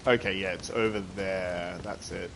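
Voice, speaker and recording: A man's voice: low-pitched, steady tone, normal speed, a little hiss or hum. A young man chatting casually while streaming a video game, rambling and reacting to his chat with laughter and the odd swear.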